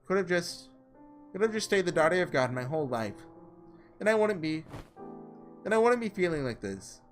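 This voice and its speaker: A man voicing a sorrowful young woman who was once a saint, read slowly and heavily. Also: fairly high pitch, sing-song, soft background music. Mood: grieving. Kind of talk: reading visual novel lines aloud.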